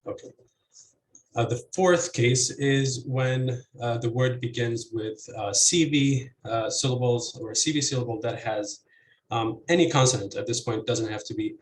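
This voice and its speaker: A man walks through an academic presentation step by step, pausing often with fillers as he explains. His voice sits at an ordinary middle pitch. The sound is roomy, with faint noise behind it. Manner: hesitant, many fillers, methodical explaining. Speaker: linguistics researcher presenting.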